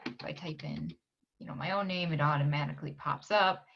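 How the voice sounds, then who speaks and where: A woman from a library talking through a software tutorial on her screen, unhurried and pausing with "um" as she clicks along. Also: low voice, vocal fry, lo-fi sound, slight background noise. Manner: unhurried, frequent "um" pauses while clicking.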